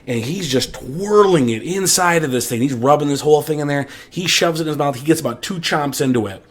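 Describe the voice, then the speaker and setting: A man's voice: on the high side, brisk. A man, a podcast guest, telling a rambling, profane story in casual chat. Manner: rambling, profane, laughs through stories.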